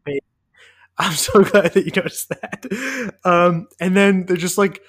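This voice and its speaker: A man's voice: sits high, slow, a bit bright, breathy edge. A man co-hosting a podcast in casual chat, rambling enthusiastically with many "like"s. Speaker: podcast co-host.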